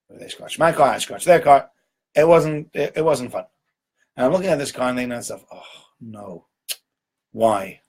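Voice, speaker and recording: Chatty man teaching a Torah lesson. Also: medium pitch. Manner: conversational, asks "right?" often, repeats words for emphasis. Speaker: rabbi giving a Torah talk. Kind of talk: informal Torah lecture.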